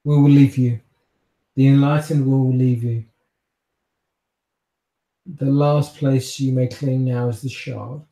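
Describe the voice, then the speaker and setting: A man voicing a despairing woman who leads a defeated order, speaking in a solemn, slow farewell. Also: medium pitch, flat delivery, mellow. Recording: echoey room.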